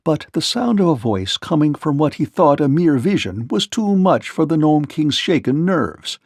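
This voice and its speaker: A man reading a children's storybook aloud in a steady, expressive way. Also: fairly high pitch, normal speed, no echo, studio quality.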